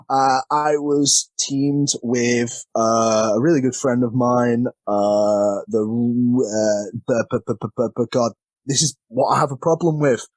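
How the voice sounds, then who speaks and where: A man's voice: mid-range voice, steady tone, takes it slowly, no room sound. A man, a wrestler being interviewed, telling rambling, self-deprecating stories and often stumbling over his words. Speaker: wrestler guest. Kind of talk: casual interview storytelling.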